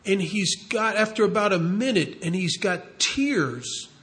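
A man telling a long recovery story in a halting way, repeating words and slowing down to stress key moments. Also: sits high, animated, fairly bright tone. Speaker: recovery speaker. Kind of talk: storytelling talk.

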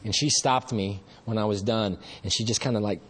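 A man's voice: fairly low pitch, steady tone, a little fast, fairly bright tone, breathy edge. A man giving a personal recovery testimony at a meeting, earnest and rambling, talking in a conversational way with frequent restarts. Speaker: speaker sharing recovery story.

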